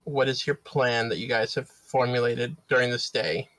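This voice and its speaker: A man narrating as dungeon master in a tabletop game, relaxed, with frequent fillers. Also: medium pitch, normal speed, no echo. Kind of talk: running a tabletop game over a live stream.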